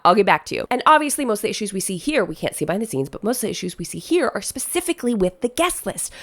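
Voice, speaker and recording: A woman wedding planner giving chatty, emphatic reaction commentary for an online video. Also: mid-range voice. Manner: emphatic, animated, chatty with frequent laughs.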